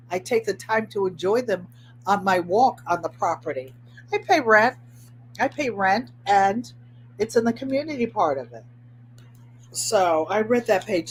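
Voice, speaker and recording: A woman's voice: mid-range voice, slight background noise. A woman hosting a casual craft livestream from home, chatting and giving motivational advice straight to her viewers, often repeating phrases for emphasis. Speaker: host of a craft channel. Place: at home, indoors.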